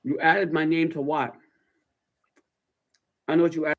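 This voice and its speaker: A man with a New York accent telling a long, rambling story in a relaxed ASMR style, casually swearing and often checking in with "right?". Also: a little high, unhurried, phone-quality sound. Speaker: storyteller in a played video.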